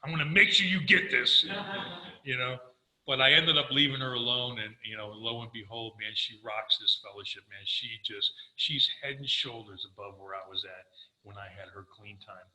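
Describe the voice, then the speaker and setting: An older man speaks with earnest warmth as he tells his own recovery story and acts out the conversations in it. His voice is bright and forceful, and it rings through an echoey room. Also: lowish voice, moderate pace. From Florida. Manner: earnest storytelling, quoting himself, animated. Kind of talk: personal testimony talk.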